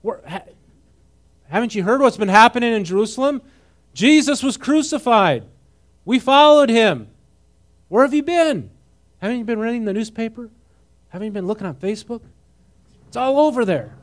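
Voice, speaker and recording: A man's voice: extremely high pitch, expressive, pitched above the performer's own voice. A man voicing a casual, exasperated modern traveler who talks in slang and cannot believe what he hears. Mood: incredulous. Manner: exasperated, slangy, talking fast.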